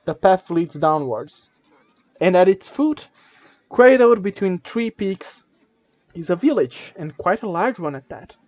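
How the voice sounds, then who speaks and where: A man's voice: high voice, expressive, a little slow, dry recording, muffled recording. A man streaming, reading a gamebook aloud with stumbles, restarts and casual asides. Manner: reads with stumbles and self-corrections, casual asides.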